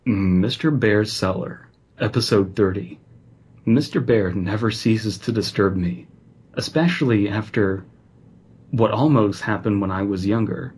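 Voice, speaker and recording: Husky low-voiced man reading a creepy story. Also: a little slow, darkish tone. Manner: casual, easily amused. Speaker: podcast co-host and story reader. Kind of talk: reading a horror story aloud with casual banter.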